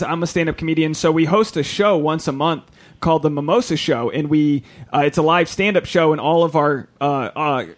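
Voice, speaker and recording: A man, a podcast host and stand-up comedian, chatting casually with plenty of restarts. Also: on the high side. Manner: rambling, many restarts and fillers. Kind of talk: casual chat.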